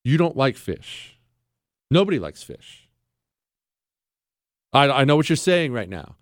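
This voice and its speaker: A man's voice: mid-range voice, very animated, unhurried, no echo. A man hosting a talk show, delivering an emphatic, combative, teasing opinion monologue into a studio microphone. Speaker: radio talk show host.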